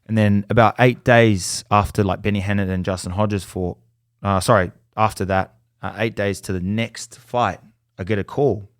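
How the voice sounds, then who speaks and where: A man's voice: on the low side, moderate pace, no room sound, studio quality. A young Australian man, a podcast guest, telling stories in casual chat, swearing freely and acting out other people's lines. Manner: animated, swears freely, acts out quoted voices.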